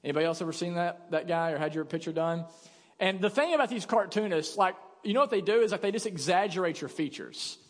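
A man's voice: sits high, fast. A young man preaching a sermon as a pastor, talking conversationally and acting out quoted voices. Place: church sanctuary. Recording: long church reverb.

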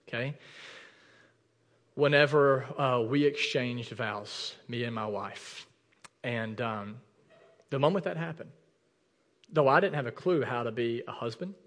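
Impassioned pastor preaching in a reverberant hall. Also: male voice. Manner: impassioned, rising to near shouts then dropping low and intimate. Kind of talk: sermon. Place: church sanctuary.

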